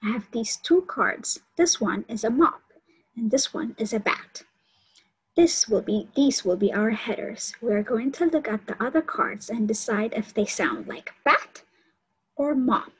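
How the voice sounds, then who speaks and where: A woman reading the lines of a patient preschool teacher who sounds words out slowly for small children. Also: fairly high pitch, animated, breathy edge, heavily acted, poor audio. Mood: encouraging. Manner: slow, exaggerated sounding-out of words.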